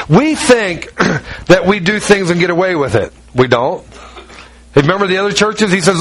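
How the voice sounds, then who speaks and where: Male pastor, middle-aged, sermon, fairly high voice, emphatic repetition. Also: animated, moderate pace, fairly bright tone, slightly rough, low-quality recording. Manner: preaching with repetition and acted-out quotes.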